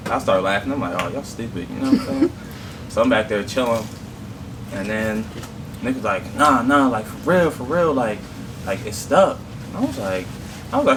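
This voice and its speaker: A relaxed young man telling his side of a story in easy slang. He keeps checking in with "you know what I mean". He sounds distant from the mic, with steady noise in the background. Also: medium pitch, brisk. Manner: laid-back, slangy, keeps asking "you know what I'm saying". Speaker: mukbang co-host. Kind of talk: casual storytelling.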